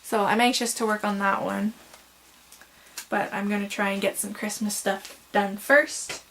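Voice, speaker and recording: A woman's voice: mid-range voice, fairly even intonation, a little slow, fairly bright tone, a little hiss or hum. A young woman chatting casually at home about her yarn, gushing and rambling a little, tired and fighting hiccups. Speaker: crochet vlogger. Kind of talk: casual show-and-tell vlog.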